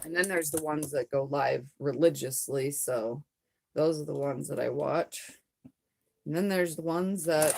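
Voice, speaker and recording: Low, gravelly hoarse woman chatting on a livestream. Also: background noise. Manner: rambling, chatty, reads out viewer comments. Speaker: live streamer. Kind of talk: casual livestream chat.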